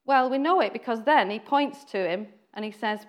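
Brit woman preacher, conversational delivery, acts out voices, slightly high voice. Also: normal speed. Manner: chatty, acts out quoted voices, laughs often. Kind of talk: informal sermon.

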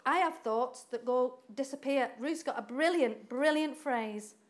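A woman preaching a sermon in an animated way, acting out quoted voices and laughing often. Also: sits high, a little slow.

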